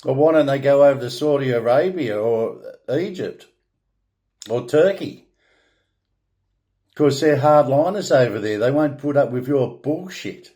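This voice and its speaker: Blunt Australian man, mellow voice. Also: medium pitch, animated, measured pace. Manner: blunt, opinionated, with frequent swearing and restarts. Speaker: vlogger. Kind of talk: rambling monologue.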